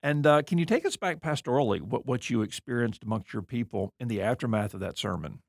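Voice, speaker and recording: A man hosts an interview and asks measured, probing questions. His voice has a gravelly edge. The recording is dry, with no room sound. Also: medium pitch, expressive, no room sound. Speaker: interview host.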